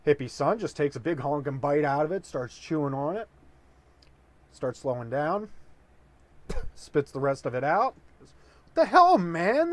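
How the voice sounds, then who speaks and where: A drunk man improvising a long dirty joke, rambling with many fillers. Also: mid-range voice. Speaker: comedic storyteller.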